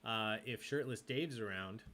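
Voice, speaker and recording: Bright-voiced playful trivia host. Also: male voice, lowish voice, measured pace, slight background noise. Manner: playful, chatty, jokes with players and reads answers aloud. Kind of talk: live-streamed trivia hosting.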